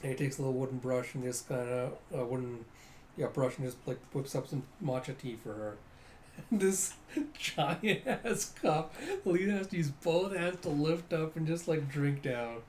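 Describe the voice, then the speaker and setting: A man casually reading through a comic, narrating in an excitable way, constantly saying "you see" and "he's like.". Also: mid-range voice, normal speed, a little hiss or hum. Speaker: comic reader.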